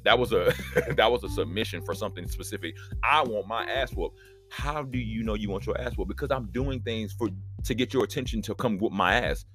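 A man hosting his own podcast, talking in a rambling, profane, animated solo monologue. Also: on the low side, a little fast, soft background music. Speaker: podcast host.

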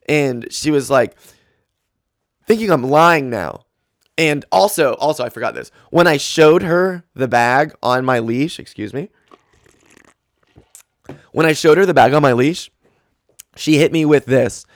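A man's voice: mid-range voice, animated, a little slow, long pauses, dry recording. A man hosting a solo podcast, ranting and rambling candidly into a close mic. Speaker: podcast host. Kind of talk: casual solo podcast rant.

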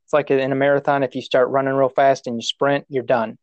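A man's voice: medium pitch, little pitch movement, fairly quick, no room sound, lo-fi sound. A man telling a personal story in casual conversation, rambling and self-mocking, restarting his sentences and laughing at himself.

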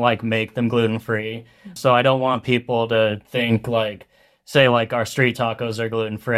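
A young man from Colorado talks casually about his business as an interview guest. His delivery is flat and even, with little rise and fall, and he rambles loosely, leaning on fillers as he thinks aloud. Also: mid-range voice, clean tone. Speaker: food truck owner, guest.

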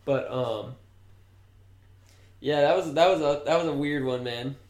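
A man's voice: fairly high pitch, unhurried, darkish tone. A young man co-hosting a podcast, telling rambling, profane stories and laughing at them. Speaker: podcast co-host. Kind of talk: casual chat, storytelling. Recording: roomy echo.

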